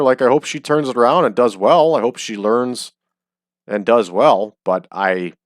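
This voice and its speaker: A man talking casually over his game with a fairly low voice. His chatter is jokey and loose, sprinkled with ums. The sound is dry and close, with no room around it. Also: no room sound. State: hiccups. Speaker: game streamer. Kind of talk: casual let's-play commentary. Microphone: desk microphone.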